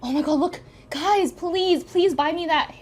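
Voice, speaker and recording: A woman's voice: extremely high pitch, measured pace. A young woman live-streaming from home in a casual, scatterbrained and giggly way. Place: at home by a walking pad.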